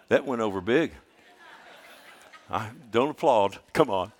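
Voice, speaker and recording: A man preaching a sermon as pastor in a church, animated, asking rhetorical questions and swinging between loud emphasis and quiet asides. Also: lowish voice, slow pace, pauses often.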